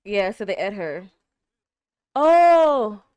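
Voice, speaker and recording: A young woman reacting to an anime episode, exclaiming and gasping, swinging between hushed murmurs and loud outbursts. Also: mid-range voice, sing-song, very slow, clean tone, dry recording, lo-fi sound. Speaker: reaction streamer.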